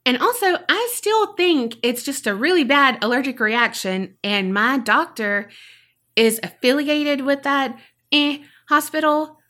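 A podcast co-host in her 30s, with a high, slightly bright voice and a somewhat slow delivery, recounts a personal tale in a casual chat. She plays out her own past lines as she goes.

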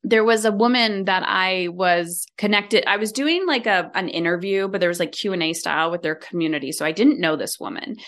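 A woman's voice: on the low side, a little fast, hardly any pauses. A middle-aged woman, a leadership coach, talking as a podcast guest and acting out quoted lines as she tells stories. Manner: animated storytelling, acts out quoted lines. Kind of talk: conversational interview.

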